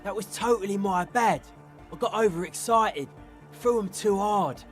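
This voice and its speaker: An actor playing a sheepish, overeager young male raver in a game, speaking softly. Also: high-pitched, moderate pace, faint music behind, natural voice. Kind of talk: game dialogue.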